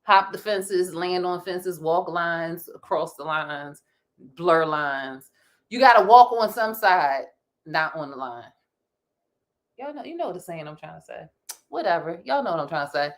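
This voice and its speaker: Animated laughing woman podcast host. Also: lowish voice, a little slow. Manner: animated, laughing, stammering restarts. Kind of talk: casual chat.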